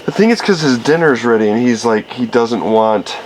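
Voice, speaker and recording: A man's voice: mid-range voice, animated, moderate pace, a little hiss or hum. A man vlogging on a wilderness camping trip, coaxing his dog in a sing-song voice and chatting casually. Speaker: outdoor vlogger. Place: outdoors in the woods at a campsite.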